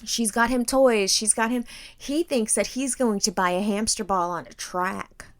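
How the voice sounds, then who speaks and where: A woman in her thirties co-hosting a casual podcast, ranting loudly and profanely with comic exaggeration. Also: fairly high pitch, moderate pace. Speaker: podcast co-host.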